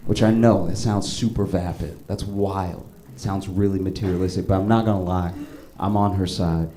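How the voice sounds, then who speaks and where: A man tells stand-up stories in a lowish voice, casual and conversational at first. He builds up to loud, incredulous outbursts. A faint background hiss sits under the voice. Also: fairly even intonation, normal speed, few pauses. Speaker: stand-up comedian. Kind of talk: stand-up storytelling. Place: comedy stage.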